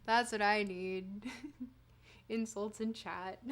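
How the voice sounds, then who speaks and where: A woman's voice: medium pitch, fairly even intonation, drawn-out words. A woman streamer reading philosophy aloud on a livestream in a put-on reading accent. She stumbles and corrects herself, then breaks off for playful, self-mocking asides to her chat.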